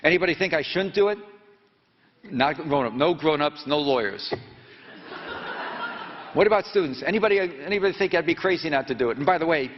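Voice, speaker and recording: Here a reporter in his seventies tells students a story, pausing haltingly, using lots of fillers and prodding them with fast questions. His voice runs on the high side with lively intonation. It's a dull, lo-fi recording from an echoey hall.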